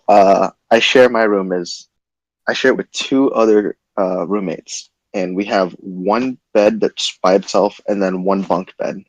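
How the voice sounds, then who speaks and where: A young man casually telling a wild story to his chat, animated and swearing freely. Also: fairly low pitch, no echo, low-quality recording. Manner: animated, swearing, quick retelling.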